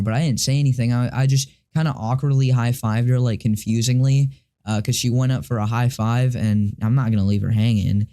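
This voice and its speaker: Rambling teenage boy with a mellow voice. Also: mid-range voice, steady tone. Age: teens. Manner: rambling, halting, with many restarts and fillers; confused and frustrated, swears casually. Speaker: vlogger. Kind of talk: casual storytelling to camera.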